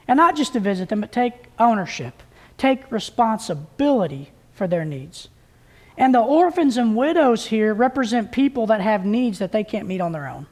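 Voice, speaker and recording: A woman's voice: on the high side, darkish tone. A woman preaching a conversational sermon at a church service, plain-spoken and folksy, often restarting her sentences.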